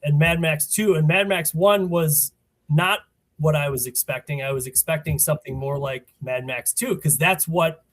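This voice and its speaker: A man chatting casually as a podcast guest, telling stories in a relaxed way. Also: on the high side, normal speed. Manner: relaxed, storytelling. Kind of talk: casual chat.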